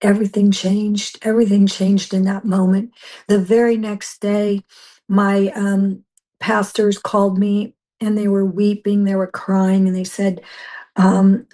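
An older woman tells her story with fervent intensity, piling up restarts as she goes. Her pitch stays level and narrow throughout. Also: little pitch movement, measured pace, warm tone. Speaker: missionary guest. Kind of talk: emotional personal testimony.

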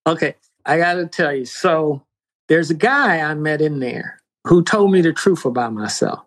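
A man giving a spoken faith testimony, emphatic, with big pitch swings and dramatic pauses. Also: animated, fairly bright tone. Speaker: guest sharing testimony.

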